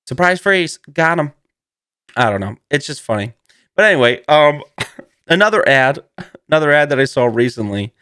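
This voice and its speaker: A man's voice: medium pitch, lively intonation, normal speed, long pauses, a bit bright, smooth, no room sound, studio quality. A man hosting a casual comedy monologue, rambling and playful and laughing often between his bits. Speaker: host.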